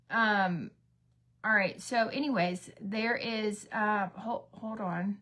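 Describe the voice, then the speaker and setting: A woman's voice: mid-range voice, takes it slowly, bright, forceful tone. A middle-aged woman, a mother, chatting casually as she tells a story with many fillers while getting ready. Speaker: beauty vlogger, mother. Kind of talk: casual get-ready-with-me chat.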